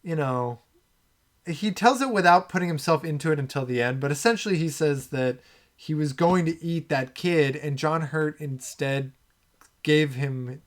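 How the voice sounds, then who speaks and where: A man co-hosting a film podcast, talking through scenes in a relaxed, rambling way with lots of fillers. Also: fairly high pitch, a little slow. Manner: relaxed, thinking aloud with many fillers. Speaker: podcast co-host. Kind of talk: casual film discussion.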